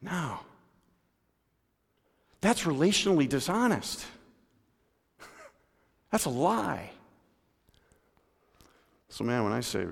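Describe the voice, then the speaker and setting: Preacher with big swings in a reverberant church. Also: male voice, big pitch swings, extremely slow, gravelly, pauses often, husky. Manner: dynamic preaching, swinging from loud emphasis to low hushed tones; addresses congregation members by name. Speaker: pastor. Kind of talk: sermon. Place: church sanctuary. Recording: long hall reverb.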